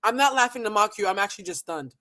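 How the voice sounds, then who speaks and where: A woman's voice: mid-range voice, lively intonation, fast talker, sharp tone. A woman hosting a live reaction stream, giving sassy, mocking commentary and laughing often. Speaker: host.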